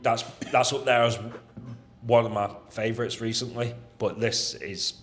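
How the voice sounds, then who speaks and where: A man chatting as a podcast guest, enthusiastic and a little crude as he gushes. His voice sits at an ordinary middle pitch in plain, casual talk. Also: fairly even intonation, normal speed, a bit bright, soft background music. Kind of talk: casual chat.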